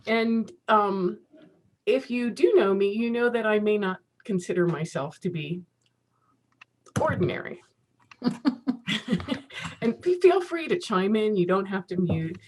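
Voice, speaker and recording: A woman's voice: medium pitch, darkish tone. Woman, 50s, casual conference speaker on a video call; chatty, self-mocking, laughs easily. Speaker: keynote speaker.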